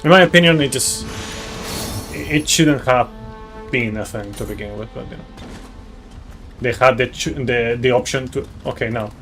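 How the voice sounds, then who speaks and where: A man's voice: medium pitch, moderate pace, pauses often, a bit bright. A man streaming a video game, chatting casually in a rambling way with many fillers and casual swearing. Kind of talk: casual live-stream chat while playing. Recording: game music behind voice.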